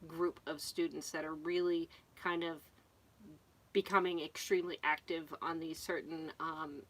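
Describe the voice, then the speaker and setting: A middle-aged woman from Connecticut co-hosting a live RV chat, chatty and quick to laugh. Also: low-pitched, little pitch movement. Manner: chatty, laughs often, reads comments aloud. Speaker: co-host reading viewer comments.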